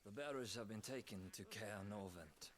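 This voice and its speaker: A man's voice: on the low side, moderate pace, fairly bright tone, lightly acted. A man voicing a formal, deferential soldier captain in a video game. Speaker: game character.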